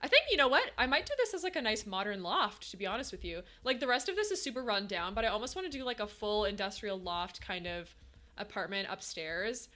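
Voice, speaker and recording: Woman streamer chatting with chat, bright voice, laughs a lot. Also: medium pitch, very animated, fairly quick. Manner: chatty, laughs often, answers chat messages. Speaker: game streamer. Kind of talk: casual chat with stream viewers.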